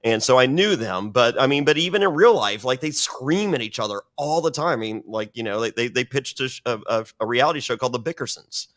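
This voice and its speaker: A man's voice: mid-range voice, lively intonation, fairly quick, few pauses, a bit bright. A man telling a story on a podcast, rambling and swearing, acting out other people's lines as he goes. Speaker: guest telling stories.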